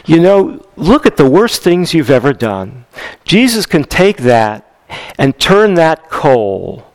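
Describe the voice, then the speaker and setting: A man preaching a sermon in a conversational, animated way, repeating key lines for emphasis. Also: fairly high pitch, slow, no room sound, low-quality recording. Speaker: pastor.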